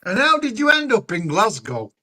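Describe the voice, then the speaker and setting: Bright high-voiced Yorkshire man. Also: wildly swooping pitch, moderate pace, poor audio. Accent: Yorkshire English. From Yorkshire, England. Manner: blunt, laughs often, explains at length. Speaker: streamer, truck driver. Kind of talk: casual live-stream chat.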